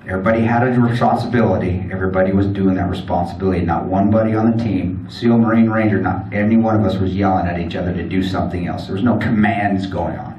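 A man's voice: low-pitched, a little mellow, recorded from a distance, slight background noise. Blunt joking man in an echoey hall. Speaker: guest speaker. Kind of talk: storytelling speech to an audience. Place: event hall.

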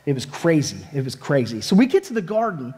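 Animated male minister in an echoey church. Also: a little high, a little fast. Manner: animated, dramatic retelling with casual phrasing. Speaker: families minister. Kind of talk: first-person storytelling sermon as a disciple. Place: church sanctuary.

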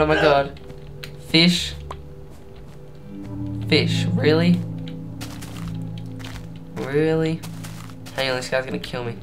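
A young man giving casual, rambling commentary while playing a video game. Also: a little high. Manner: rambling, unhurried, thinking aloud. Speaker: let's play gamer.

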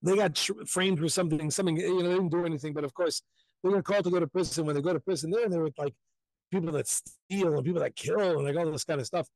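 A man's voice: fairly high pitch, fast talker, no echo, poor audio. A man from Jerusalem telling a story live as a rabbi, acting out the voices of the people in it. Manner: animated, acts out voices in stories.

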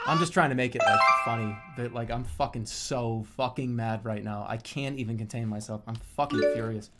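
A man's voice: mid-range voice, fairly even intonation, fairly quick, hardly any pauses. A young man streaming a game, chatting casually and breaking into theatrical mock-angry rants full of swearing. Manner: theatrical mock-angry ranting, lots of swearing, swings to loud outbursts. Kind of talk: casual live-stream chat while gaming. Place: home streaming setup, seated at a desk. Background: game music.

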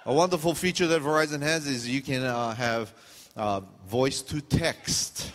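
A man's voice: medium pitch, measured pace, fairly bright tone, in a large hall, slight background noise. A man preaching a sermon as pastor, casual and joking, acting out what his listeners are thinking. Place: church sanctuary.

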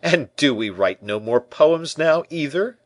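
A man's voice: fairly low pitch, wildly swooping pitch, moderate pace, fairly bright tone, husky, dry recording, exaggerated voice. A man voicing a curious, jovial male musketeer in a storybook reading, teasing and probing his friend.

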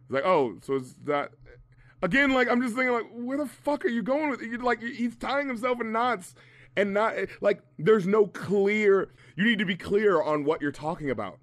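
A man's voice: high voice, normal speed, a bit bright, dry recording. A man reviewing a rap album in casual podcast chat, ranting with profane, mocking humor.

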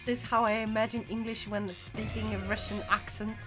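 A woman's voice: medium pitch, little pitch movement, brisk, over music. A woman streaming a video game, chatting casually with her viewers and giggling often. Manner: giggly and chatty, reacting to chat. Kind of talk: casual livestream chat while playing.

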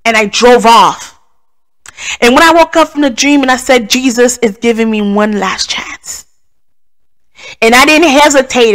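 A woman's voice: fairly high pitch, fairly bright tone. Earnest woman telling a testimony. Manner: earnest, repetitive retelling of a dream. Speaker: guest sharing a testimony. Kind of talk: personal testimony, storytelling.

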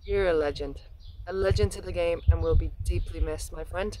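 A man with a high voice sends a teasing, then fervent tribute. Faint noise and clicks sit behind him. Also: normal speed, dark tone, poor audio. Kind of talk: casual video message.

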